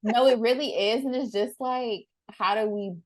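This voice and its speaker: A woman's voice: fairly high pitch, normal speed, no room sound. A young woman hosting a podcast who talks in a casual, rambling way, searching for words with many fillers. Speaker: podcast host. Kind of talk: casual interview chat.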